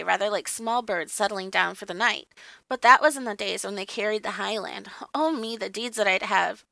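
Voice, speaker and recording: A woman's voice: on the high side, creaky, pushed and bright, no room sound, heavily acted. Puck, a woman voicing a jovial hill sprite. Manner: chatty, teasing, boastful. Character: merry ancient male hill sprite, boastful.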